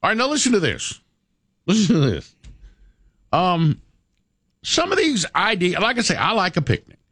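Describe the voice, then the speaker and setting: A man's voice: high-pitched, wildly swooping pitch, moderate pace, fairly bright tone, husky, no room sound, clean studio sound. A man hosting a morning radio show, chatting in a rambling way with stammered repeats. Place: radio studio. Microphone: studio microphone.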